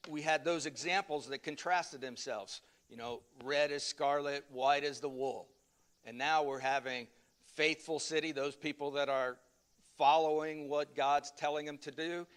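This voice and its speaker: A man teaching a Sunday Bible class at church in a loose, conversational way, with fillers and restarts. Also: medium pitch.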